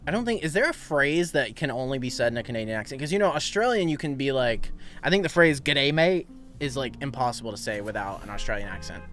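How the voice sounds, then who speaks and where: A young man streaming a game, chatting casually, laughing often and quickly thanking viewers. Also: medium pitch, big pitch swings, a bit bright, faint music behind. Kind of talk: casual gaming livestream chat.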